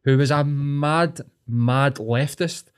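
A man's voice: fairly high pitch, slow, clear, resonant tone. Blunt sweary Scottish man ranting. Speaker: podcast host. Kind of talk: casual podcast chat.

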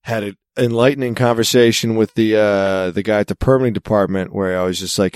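A man's voice: fairly low pitch, steady tone, brisk, few pauses, a little mellow, smooth, dry recording. Rambling Mid-Atlantic American man, dry sound. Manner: rambling storyteller, wry and self-amused. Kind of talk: casual chat. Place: California.

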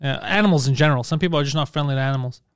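A man co-hosting a comedy podcast, cracking quick jokes and drifting into long musing tangents. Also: mid-range voice, clear, resonant tone, no room sound, clean studio sound. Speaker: podcast co-host. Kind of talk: casual comedic chat.

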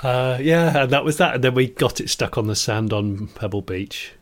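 A man from the West Country of England co-hosting a podcast, chatty and quick to laugh, tossing in asides. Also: medium pitch. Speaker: podcast co-host. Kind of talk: casual chat.

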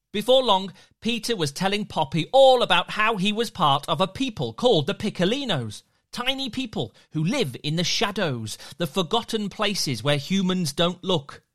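A storyteller narrating a children's story with an expressive, lively delivery. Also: medium pitch.

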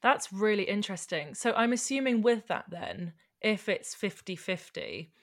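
A woman from England interviews a guest in a casual chat. She keeps him going with quick, encouraging affirmations. Her voice sits at a middling pitch. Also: expressive.

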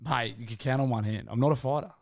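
An Australian man talks at a rapid clip, trading crude, self-mocking banter as a podcast co-host. His voice sits at a middling pitch. The sound is dry and close, with no room around it. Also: vocal fry, a little mellow, dry recording. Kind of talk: casual banter.

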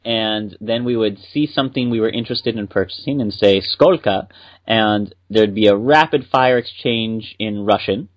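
A man's voice: on the low side, moderate pace, highs cut off. A man co-hosting a casual podcast, upbeat and explaining at length. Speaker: podcast co-host.

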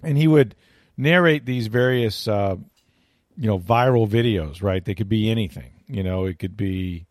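A man chatting about football as a guest analyst, rambling and restarting his sentences with plenty of fillers. His voice sits on the low side, and the sound is close and dry with no room around it. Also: normal speed, dry recording. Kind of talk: casual radio chat.

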